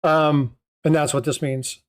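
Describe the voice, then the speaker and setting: Guy hosting a live chat stream, kinda high voice, rambles with lots of uhs and ums. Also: steady tone, unhurried. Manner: rambling, many filler sounds and restarts. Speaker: host of a coin livestream. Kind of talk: casual explanatory chat.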